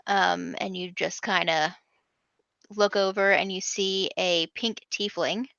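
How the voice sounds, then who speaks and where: A woman's voice: on the low side, steady tone, slow, creaky, sharp tone, no room sound, muffled recording. A woman narrating a tabletop game as game master, chatty, with many ums.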